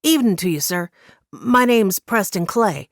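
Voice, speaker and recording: A woman's voice: mid-range voice, lively intonation, normal speed, no echo, clean studio sound, pitched above the performer's own voice, close to an everyday voice. A woman narrator voicing an earnest, polite young man who addresses others with careful good manners.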